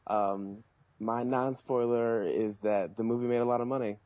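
A man's voice: medium pitch, fairly even intonation, normal speed, no echo. A man chatting as a podcast guest, goofy and laughing. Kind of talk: casual group podcast chat. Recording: dull lo-fi line with noise.

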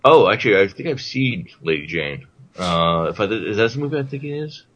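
Wry male co-host, low voice, dull lo-fi sound. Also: sing-song, fairly quick, a bit bright. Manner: wry, teasing interjections. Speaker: podcast co-host. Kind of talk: casual chat.

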